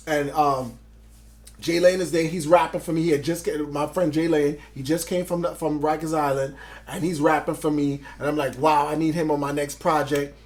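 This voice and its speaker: A man in his forties from Grenada, telling his life story as an interview guest, loud and excited, acting out what others said. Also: a little high, moderate pace. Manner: animated, acts out quotes, loud and excited.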